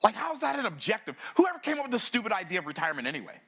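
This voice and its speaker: A man, giving a fiery motivational talk that surges between low, intense stretches and excited outbursts. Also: racing, gravelly, slightly rough. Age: 60s. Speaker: summit speaker.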